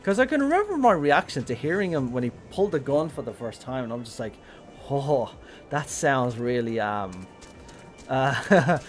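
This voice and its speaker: Chatty Irish man streaming a game. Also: medium pitch. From Ireland. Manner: chatty, rambling, thinking aloud with many ums. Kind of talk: casual live-stream gameplay commentary.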